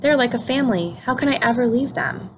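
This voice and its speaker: Hermit Crab, a gentle male crab from a children's storybook, polite and eager, speaks in a bright, admiring voice that sits a little high. A woman voices him as she reads aloud, with a faint hiss behind her. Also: lively intonation, brisk. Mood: tender.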